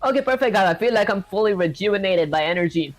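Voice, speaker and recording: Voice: mid-range voice, animated, fast talker, faint music behind. A live-streaming programmer talking casually while coding. The streamer often calls the viewers "guys" and laughs off their own small mistakes. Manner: chatty, filler-heavy, self-deprecating, addresses chat as "guys".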